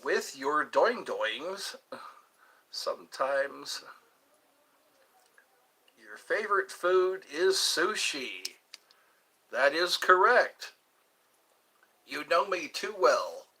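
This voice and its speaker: A man's voice: a little high, sing-song, drawn-out words, pauses often, pushed and bright, slightly rough. A man hosting a live stream in a casual chat, joking around playfully and answering viewers' questions aloud.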